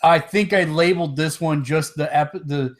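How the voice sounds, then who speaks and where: A man's voice: a little high, normal speed. A man co-hosting a gaming podcast, chatting casually and loosely, with hiccups and easy laughs. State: has the hiccups. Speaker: podcast co-host. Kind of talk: casual chat.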